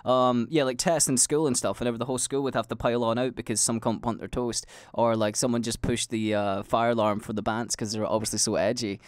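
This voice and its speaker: A young Scottish man rambles through stories on his own podcast, sweary and animated, bursting into loud acted-out quotes. His voice sits at an ordinary middle pitch. The recording is dry and close, with no room sound. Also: fast, few pauses, no echo. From Scotland. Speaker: podcast host. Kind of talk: casual rambling monologue.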